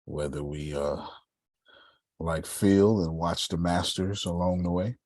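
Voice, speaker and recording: Low husky-voiced preaching man. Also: slow pace, a little mellow, no echo. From Galveston, Texas. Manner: preachy, builds to emphatic exhortations. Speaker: host. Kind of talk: motivational talk on a group call.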